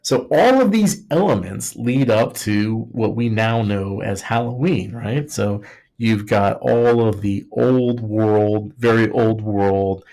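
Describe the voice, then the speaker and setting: His voice is low and slightly mellow, with vocal fry and a slow pace. Co-hosting a podcast, he drifts jokily through a history topic, using "like" heavily and often restarting his sentences.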